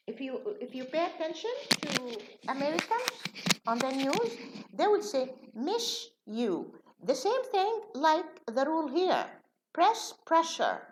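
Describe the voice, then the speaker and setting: Middle-aged woman, pronunciation teacher, slow deliberate delivery, lively rising and falling pitch. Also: low-quality recording. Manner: slow, deliberate drilling of example words. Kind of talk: recorded video lesson.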